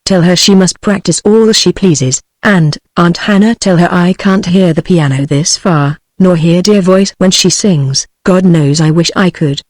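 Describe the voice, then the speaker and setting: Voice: medium pitch, measured pace, hardly any pauses, no room sound. Brief: computer-voiced audiobook narrator, evenly paced, dry close sound. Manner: even, mechanical reading that speaks punctuation aloud. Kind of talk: text-to-speech audiobook reading.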